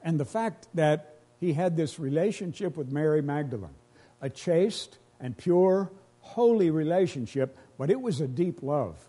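A man's voice: a little high, expressive, a little slow, dark tone, slightly rough. A pastor preaching a sermon to his congregation, earnest and emotional, repeating phrases as he builds each point.

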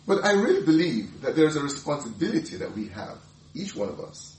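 Animated man teaching the Bible. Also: on the high side, a little fast, reverberant, distant mic. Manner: animated, laughing often, many restarts.

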